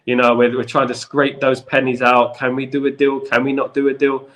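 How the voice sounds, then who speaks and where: A man with a London accent talks through football news on a live stream, replying to his viewers as they comment. He speaks at an ordinary, middle pitch and loops back over the same phrases again and again. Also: monotone, brisk, fairly bright tone. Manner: repetitive, chatty, keeps saying "in regards to". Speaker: football channel host.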